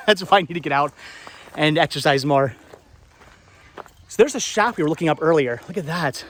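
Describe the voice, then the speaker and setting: A woman's voice: low voice, expressive, moderate pace, long pauses. A woman travel vlogger narrating casually as she walks, rambling and enthusiastic, often repeating her words. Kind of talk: casual walking vlog narration.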